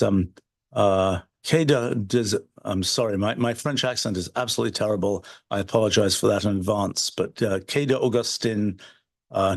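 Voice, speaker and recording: A man giving an unscripted livestream lecture, thinking aloud with frequent restarts and fillers. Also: mid-range voice. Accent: British. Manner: halting, many restarts and fillers. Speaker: presenter of a livestreamed talk.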